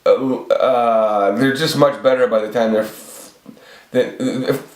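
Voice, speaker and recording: A man's voice: mid-range voice, fairly even intonation, slow pace. A man in his forties ranting off the cuff on his video channel, rambling and swearing, with many restarts. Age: 40s. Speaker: channel host. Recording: echoey room.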